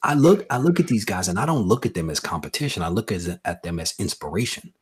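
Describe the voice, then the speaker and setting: Husky low-voiced man chatting on a stream. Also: animated, fast talker. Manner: joking then earnest, talks about consistency and inspiration. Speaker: guest YouTuber. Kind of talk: casual live-stream chat.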